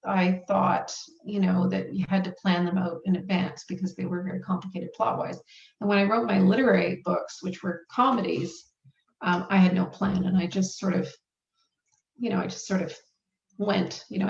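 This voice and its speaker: At a live event hall, a middle-aged woman author appears as a guest and tells her story casually, rambling, putting herself down, and restarting often. Her voice is medium in pitch and creaky, and the recording sounds dull, roomy, and distant.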